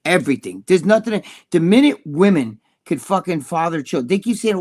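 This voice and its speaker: A middle-aged man, ranting loudly and profanely as a podcast co-host. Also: high voice, sing-song. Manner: loud, profane, fast-shifting rant.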